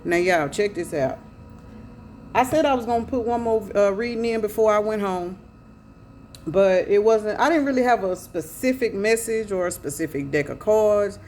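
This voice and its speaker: A woman's voice: mid-range voice, moderate pace, a little mellow, a little hiss or hum. A middle-aged woman doing a casual tarot reading, chatty, calling her viewers y'all with salty slang. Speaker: spiritual tarot reader.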